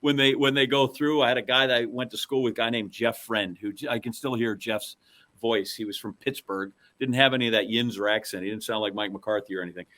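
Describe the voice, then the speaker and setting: A man's voice: medium pitch, fairly even intonation, fast talker, a bit bright. A man co-hosting a chat podcast, talking in a rambling, self-deprecating way with playful asides. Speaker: podcast co-host. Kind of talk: casual chat.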